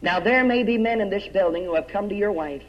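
A man with a high voice preaches revival, telling stories with drama and sinking quiet on the words he wants to land. The sound is dull and lo-fi. A long church-hall echo trails his lines. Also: quick pace. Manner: dramatic storytelling, drops low and soft on key words, quotes old-style scripture. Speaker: evangelist preacher. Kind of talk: revival sermon with storytelling.

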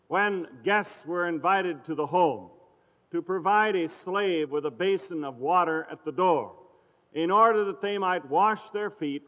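A man preaching a sermon with a high voice, telling a scripture story at a measured pace and quoting old-fashioned scripture phrasing. The sound is dull and lo-fi, with a long hall reverb behind him. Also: fairly bright tone.

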